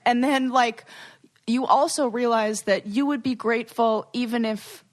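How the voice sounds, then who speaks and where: A woman's voice: fairly high pitch, steady tone, unhurried. A young woman co-hosting a podcast in casual chat, effusive and gushing, swearing freely as she talks. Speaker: podcast co-host.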